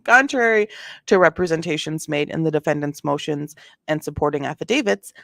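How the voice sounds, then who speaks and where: Chatty woman with a lowish voice. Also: dry recording, clean studio sound. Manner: chatty, animated, lots of restarts and asides; reads documents aloud, then reacts with sass. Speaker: commentator reading court filings. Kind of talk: casual commentary vlog.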